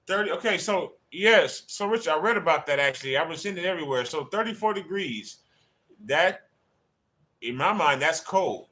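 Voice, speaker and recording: A man's voice: on the high side, animated, moderate pace, pushed and bright. A man hosting a casual fan livestream, chatting and greeting viewers by name as they join. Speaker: livestream host.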